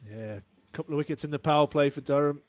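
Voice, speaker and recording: A man giving live cricket commentary and analysis in a relaxed way, warm in praise of good shots. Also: fairly high pitch, rapid-fire, no room sound.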